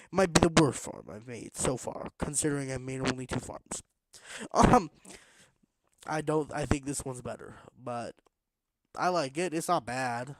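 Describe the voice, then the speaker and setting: A man streaming a block-building game late at night, rambling to himself in a tired, casual way while he builds. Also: mid-range voice. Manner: rambling, self-talking, tired but pushing energy.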